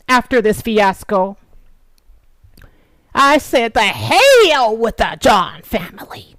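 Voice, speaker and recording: A woman delivering an angry, profane vlog monologue, swinging from low mutters to shouted taunts. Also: big pitch swings, a little slow, no room sound. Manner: sarcastic taunting, emphatic repetition. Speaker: political commentary vlogger.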